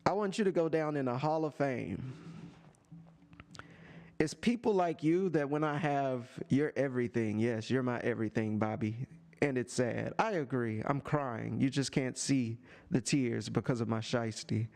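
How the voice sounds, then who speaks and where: A man live-streaming from a home setup with a desk microphone, talking to a chatter in a sarcastic, teasing rant full of drawn-out taunts. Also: mid-range voice, gravelly, a little mellow. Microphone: desk microphone and headphones.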